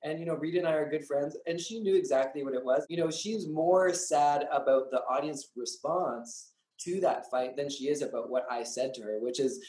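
A drag queen talks through an interview with profane, theatrical flair, slipping into the lines he said. His voice sits fairly high for a man and carries a roomy echo. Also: moderate pace, hardly any pauses, a little mellow. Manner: profane, dramatic, acts out his own lines. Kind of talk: candid interview talk.

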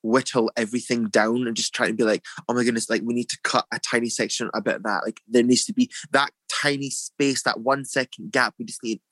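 A man's voice: mid-range voice, fairly even intonation, brisk, few pauses, a bit bright, no room sound. A young man with a Scottish accent, a drag performer, chatting in an interview and acting out other people's lines in a raised voice. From Scotland. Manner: chatty, filler-heavy, acts out quotes in a raised voice. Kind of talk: casual storytelling interview.

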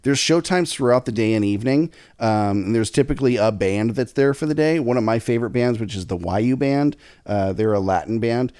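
A man co-hosts a podcast in casual chat, rambling with fillers at a fairly quick clip with hardly any pauses. His medium-pitched voice is a little mellow, clear and resonant, captured in clean studio sound with no room noise.

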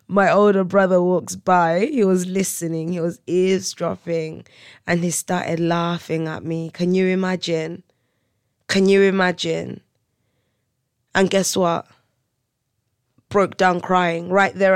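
A podcast host telling funny childhood stories in an animated way, often laughing and playing up the drama. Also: mid-range voice, a little slow, clear, resonant tone, no room sound, clean studio sound. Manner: animated, laughing, comic exaggeration. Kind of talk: solo storytelling chat. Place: hotel room.

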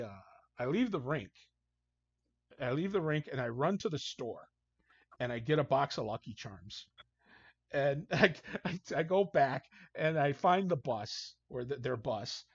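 A man's voice: mid-range voice, vocal fry, husky, dry recording. A man, a hockey coach guest, telling casual anecdotes and acting out what people said. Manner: animated storyteller, acts out quotes. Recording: dull, dry lo-fi sound.

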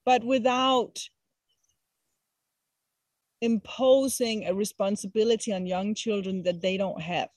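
A woman's voice: medium pitch, fairly even intonation, slow, long pauses, a little mellow, no room sound. A middle-aged woman from Denmark, explaining her parenting views earnestly and firmly in a casual interview. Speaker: guest, traveling parent.

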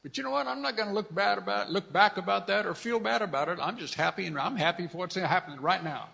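A man's voice: sits high, quick pace, vocal fry, pushed and bright, husky. A middle-aged man preaching a fervent sermon as pastor, repeating his phrases and calling out hallelujahs. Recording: long reverb of a large hall.

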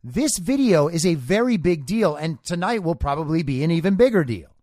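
A man delivers a heated solo commentary, sarcastic and lecturing in tone. His voice sits high and swings up and down a lot, and the recording is dry and close. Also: very animated, a little fast, darkish tone, no room sound. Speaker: podcast host. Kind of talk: political commentary monologue.

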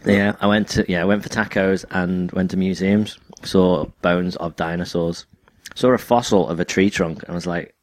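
Deep-voiced man, wry podcast chat. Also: steady tone, moderate pace, dry recording. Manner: chatty, wry, storytelling. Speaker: podcast co-host. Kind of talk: casual chat.

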